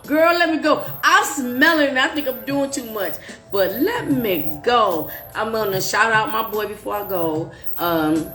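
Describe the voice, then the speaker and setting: A woman's voice: mid-range voice, fairly bright tone. A woman hosting a casual live stream, playful and joking, laughing often between lines.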